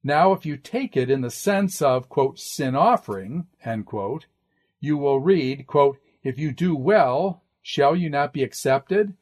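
A man's voice: on the high side, lively intonation, measured pace, a little mellow. An older man giving a classroom lecture, working methodically through sources and marking each quotation aloud. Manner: methodical, quotes sources with "quote" and "end quote".

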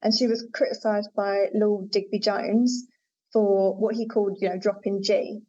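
A woman's voice: medium pitch, flat delivery, moderate pace, warm tone. A woman linguistics researcher, a podcast guest, explaining in an articulate, conversational way with frequent fillers. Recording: dull lo-fi audio.

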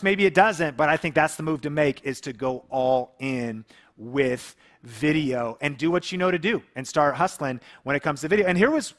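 A man's voice: on the high side, a bit bright. A man in his thirties from the Seattle area, a YouTube creator telling a personal story to camera and acting out phone calls. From Seattle area, USA.

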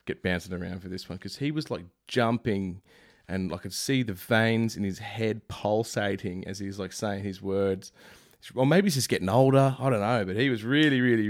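A man giving a comedic, rambling recap of fight night, full of joking asides and cheeky slang. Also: fairly low pitch. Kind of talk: comedic sports recap monologue.

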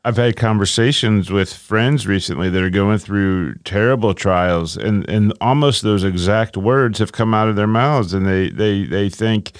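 A man's voice: on the low side, unhurried, few pauses, clean tone, dry recording, studio quality. A man co-hosting a casual scripture discussion in a small room, speaking with feeling, exclaiming and stammering on his first words. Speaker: podcast co-host discussing scripture.

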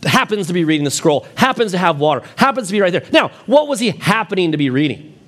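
A man preaching a sermon, reading scripture in a low, slow voice and rising when he presses a point. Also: big pitch swings, fairly bright tone. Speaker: pastor.

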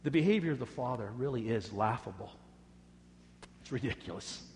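A man preaching a sermon, swinging dramatically between loud emphasis and hushed words. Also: medium pitch, expressive, normal speed, a little hiss or hum. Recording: echoey hall reverb.

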